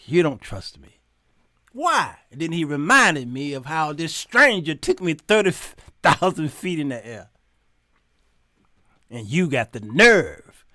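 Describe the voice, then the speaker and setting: A middle-aged man hosting his show, telling stories in a preachy, animated sermon style and quoting God in a stern voice. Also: on the high side, measured pace, pauses often, no echo, studio quality. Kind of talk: sermon-like storytelling monologue.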